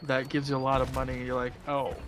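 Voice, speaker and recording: A man's voice: medium pitch, completely flat delivery, fast. A young man chatting casually on a game stream, rambling and teasing with a playful manner. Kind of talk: casual gaming stream chat.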